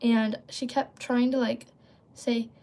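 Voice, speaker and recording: A young-sounding woman with a slightly raised pitch talks casually to her livestream audience. She wanders off topic, fills pauses with ums and likes, and keeps pausing to respond to viewers' messages. It sounds like a device mic in a casual setup. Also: little pitch movement, darkish tone. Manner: rambling, filler-heavy, often breaks off to read and answer chat. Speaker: livestream host.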